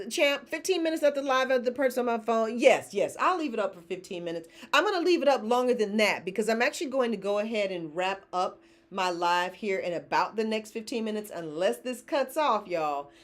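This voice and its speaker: Lively, chatty woman hosting a stream. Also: mid-range voice. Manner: chatty, laughs often, reads viewer comments aloud. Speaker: company founder hosting live shopping stream. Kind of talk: casual live-stream chat.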